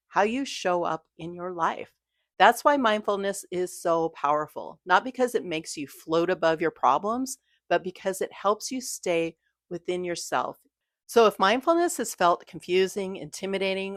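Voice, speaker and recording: Soft-spoken woman coaching ppl through mindfulness, kinda low voice, dry close sound. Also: no echo. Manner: gentle, reassuring, coaching tone. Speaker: mindfulness creator. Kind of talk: scripted talk to camera.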